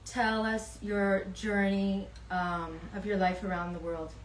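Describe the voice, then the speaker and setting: A woman hosting a casual live wellness chat, talking gently and unhurriedly with many ums. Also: medium pitch, level tone, slow pace, a little hiss or hum. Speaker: host. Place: in Vancouver. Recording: echoey room, voice from a distance.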